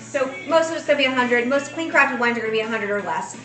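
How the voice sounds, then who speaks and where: A woman's voice: on the high side, animated, quick pace, fairly bright tone, echoey room, recorded from a distance, soft background music, low-quality recording. A woman in her forties co-hosting a casual chat, talking enthusiastically and rambling with fillers. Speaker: co-host.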